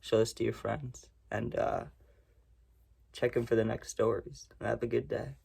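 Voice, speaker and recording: A man's voice: mid-range voice, level tone, unhurried, creaky, darkish tone, slightly rough. A young man casually telling a rambling, profane story to his viewers. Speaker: storytime vlogger.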